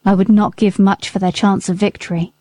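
A woman voicing a stern, principled middle-aged gentleman in an audiobook, speaking in measured rebuke. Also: mid-range voice, level tone, dry recording, natural voice. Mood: reasoning. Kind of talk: audiobook character reading.

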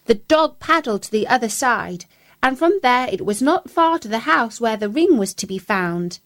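A woman narrating a children's story in an expressive, playful, chatty way, speaking as the mouse. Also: a little high, normal speed.

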